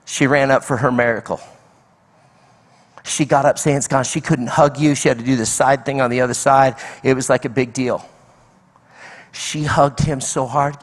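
A man's voice: mid-range voice, moderate pace. A middle-aged man preaching a sermon as guest speaker, telling a story animatedly and acting out the people in it. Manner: animated storytelling with acted-out quotes. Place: large church hall. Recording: long hall reverb.

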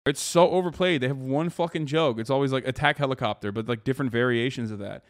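A young man with a mid-range voice hosts a live stream, talking fast. He rants straight at his chat in a heated, profane, sarcastic stream of commentary.

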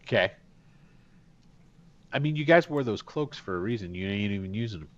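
A man's voice: lowish voice, animated, moderate pace. A man narrating a tabletop game as game master, casual, laughing often. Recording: dull lo-fi sound.

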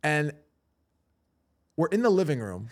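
A man in his forties co-hosting a comedy podcast, telling childhood stories in a casual, animated way, often laughing and swearing. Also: on the high side, a little slow. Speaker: podcast co-host. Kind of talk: casual storytelling chat.

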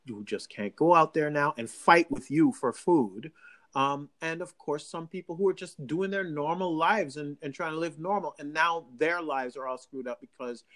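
A man chatting casually as a co-host, rambling and animated with frequent restarts, from Long Island. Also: a little high. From Long Island, New York. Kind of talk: casual chat.

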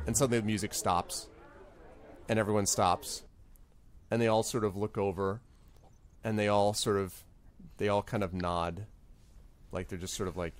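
A man narrating as game master in a relaxed, rambling way with many fillers. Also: fairly low pitch, fast talker, soft background music.

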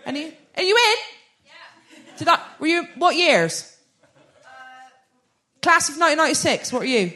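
A woman in her thirties with a Bristol accent, a guest comedian on a live podcast, brash, loud and sweary with a playful edge. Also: sits high, very animated, moderate pace, long pauses. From Bristol, England. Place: live venue stage with an audience.

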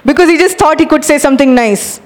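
Woman preacher, high voice, energetic and urging, sermon to a live congregation. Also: quick pace. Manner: energetic, urging the audience, animated demonstrations.

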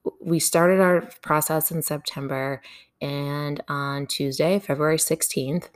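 A woman casually telling a personal story to her viewers, animated, laughing often and swearing now and then. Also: low-pitched, a little slow.

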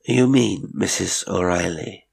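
A man's voice: deep voice, a little slow, gravelly, darkish tone, exaggerated voice. A man voicing a Polish governess woman who tries to sound firm and ordinary while her nerves shake. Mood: strained calm. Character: tense Polish governess woman, anxious but commanding.

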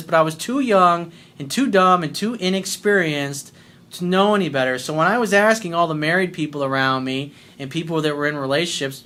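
A man's voice: a little high, pushed and bright. A middle-aged man giving blunt, profane dating advice as the host of his own show.

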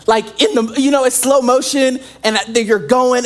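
A young man preaching a sermon as pastor, animated and joking, acting out little scenes as he goes. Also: extremely high pitch, normal speed, few pauses, soft background music.

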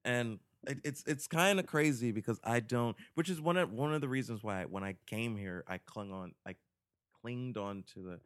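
A man from Ghana in a casual film discussion on a podcast panel, talking in an animated way. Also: medium pitch, moderate pace, no room sound, clean studio sound. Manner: animated, acts out quotes with laughs.

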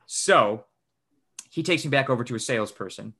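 A man with a bright, forward voice tells a rambling story on a casual podcast. He is animated, curses freely and slips into quoting himself, with his pitch sitting in an ordinary middle range. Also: unhurried, vocal fry, slightly rough. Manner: animated, swears often, acts out his own quoted lines. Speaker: podcast host.

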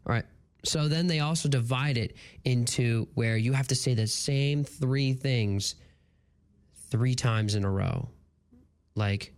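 A clean-toned, mid-range voice takes its time as a morning radio host does solo, playful banter into a close studio broadcast mic. Fumbling through tongue twisters, the host keeps laughing at their own mistakes.

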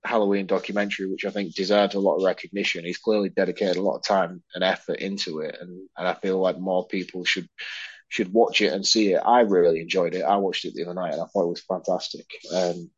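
A man's voice: low-pitched, flat delivery, fast, slightly rough, no room sound, highs cut off. A man co-hosting a podcast in casual chat, telling rambling, self-mocking stories. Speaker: podcast co-host.

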